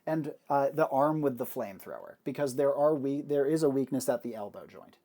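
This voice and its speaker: A man's voice: mid-range voice, a little fast, warm tone. A man narrating a tabletop game as game master, describing the scene with frequent fillers.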